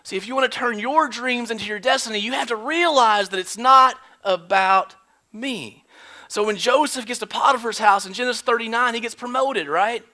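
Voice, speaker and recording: A man preaching a sermon as pastor, swinging between loud emphasis and hushed whispers, acting out quoted lines in character voices. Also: very high voice, moderate pace. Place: church sanctuary.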